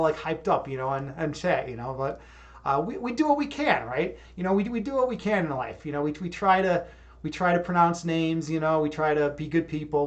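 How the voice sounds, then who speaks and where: A young man livestreaming in a casual, hyped-up mood, reading out chat and reacting. He rambles, repeats words and laughs at himself. His voice sits a little high for a man. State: hyped up after yoga. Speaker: livestream host.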